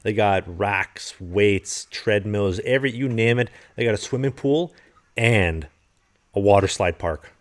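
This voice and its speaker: A man co-hosting a podcast, chatting casually and telling animated stories with plenty of swearing. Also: on the low side, unhurried. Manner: animated storyteller, swears freely. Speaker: podcast co-host.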